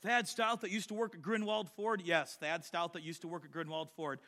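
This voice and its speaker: Animated high-voiced male preacher. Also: fairly quick, few pauses. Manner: animated, swings from quiet storytelling to loud exhortation. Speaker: pastor. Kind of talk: sermon with personal stories.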